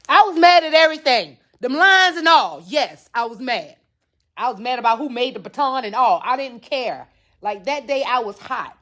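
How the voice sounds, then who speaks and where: A woman podcast host telling a comic personal story, animated and profane, talking straight to her listeners. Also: high-pitched, moderate pace.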